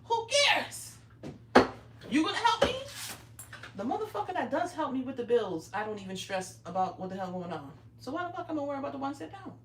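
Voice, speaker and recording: A woman's voice: sits high, very animated, fairly quick, distant mic, noisy background. A middle-aged woman hosting a craft livestream from her home craft room, talking in a brash, profane, bossy teasing way. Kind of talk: casual livestream chat while crafting. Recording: roomy echo, speaking away from mic.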